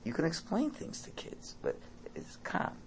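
A man giving an informal Torah talk, animated and acting out parent and child dialogue. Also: unhurried, slight background noise.

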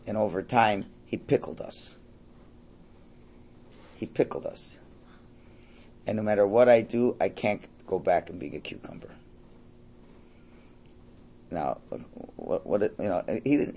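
A man's voice: on the low side, gravelly, darkish tone. A man teaching a Torah class, telling Hasidic stories in a conversational way. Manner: storytelling, conversational, quotes characters.

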